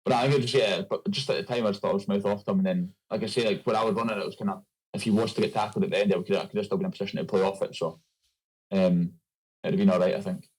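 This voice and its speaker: A man's voice: fairly low pitch, steady tone, very fast, darkish tone, breathy edge, low-quality recording. A young Scottish man, a rugby player, chatting loosely as a guest with many fillers. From Scotland. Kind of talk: casual interview chat.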